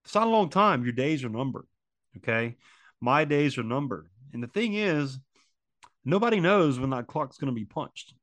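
A man in his forties, grieving, reflects emotionally and earnestly on loss in a medium-pitched, slightly bright voice with no room sound. He repeats phrases and leans on many fillers.

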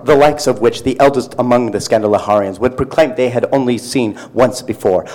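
A man's voice: medium pitch, darkish tone, close to an everyday voice, poor audio. Man doing a grandiose, overblown epic narrator. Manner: grandiose, halting, overemphatic delivery. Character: pompous, overdramatic male narrator of epic fantasy. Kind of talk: dramatic reading in a put-on voice.

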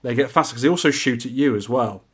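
A man's voice: medium pitch, quick pace, a bit bright, slightly rough. A man chats on his podcast, his voice sitting in the middle of the range. He explains game rules in an easygoing, lightly joking way, as if talking to a friend across the table. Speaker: podcast host. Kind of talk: casual podcast chat.

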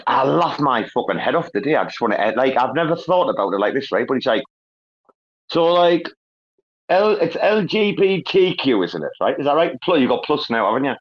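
A man's voice: medium pitch, expressive, fast talker, hardly any pauses, husky, dull audio. Sweary English man laughing through stories. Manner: profane, laughing, storytelling with a northern English slang. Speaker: host. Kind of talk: casual crypto community chat.

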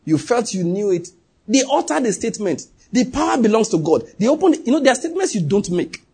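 A man's voice: sits high, big pitch swings, brisk, dark tone, husky. A man preaching a sermon as pastor, emphatic, often throwing questions to the congregation.

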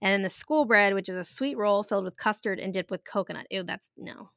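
A woman's voice: medium pitch, a little fast, vocal fry, fairly bright tone, no room sound, clean studio sound. A woman in her thirties chatting casually as a podcast co-host, giggly and full of fillers. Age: 30s. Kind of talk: casual chat.

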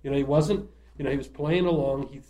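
A man tells stories from his comedy theater work in a relaxed interview. He talks in animated bursts, laughs through his lines and often stumbles over restarts. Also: mid-range voice, fast. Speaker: murder-mystery show writer and performer. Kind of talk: casual storytelling interview.

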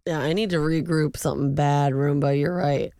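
Giggly co-host with a gravelly voice. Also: mid-range voice, fairly even intonation, normal speed, mellow, no room sound, studio quality. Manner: laughing, giggly, lots of "like". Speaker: podcast co-host. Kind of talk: casual chat. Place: houseboat cabin.

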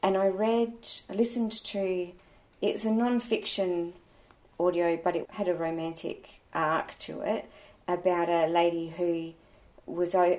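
Chatty woman reviewer. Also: on the low side. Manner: chatty, opinionated, animated. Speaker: audiobook reviewer and blogger. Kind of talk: casual interview chat.

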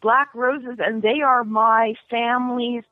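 A woman screenwriter talking candidly in an interview, lively and laughing, her voice jumping high when she gets animated. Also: slow, crowd noise. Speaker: screenwriter guest. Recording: tinny phone-like line.

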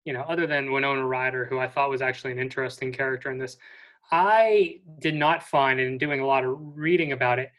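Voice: medium pitch, fairly quick, fairly bright tone. A podcast co-host chatting casually and thoughtfully about a film. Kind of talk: casual movie review chat.

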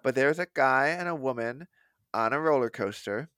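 Male co-host, animated and profane storyteller, lively pitch. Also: normal speed, clear, resonant tone, dry recording, studio quality. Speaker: podcast co-host. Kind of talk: casual podcast chat.

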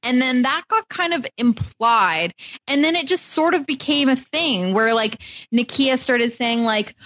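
A woman's voice: high voice, expressive, moderate pace, fairly bright tone, no room sound. A woman co-hosting a podcast, recapping a reality show in a casual, chatty way full of fillers and restarts. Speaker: podcast co-host.

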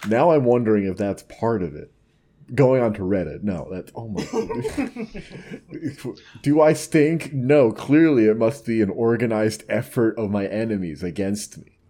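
A man with a slightly low voice, reading posts aloud in a wry, deadpan way and riffing on them between quotes. He sounds like a comedy podcast co-host in easy conversation. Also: moderate pace. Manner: dry, wry, reads quotes aloud in a mock voice.

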